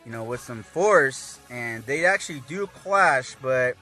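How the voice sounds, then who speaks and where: A man's voice: mid-range voice, measured pace, soft background music. A man casually recapping an anime episode, rambling with lots of fillers. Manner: rambling, filler-heavy, animated.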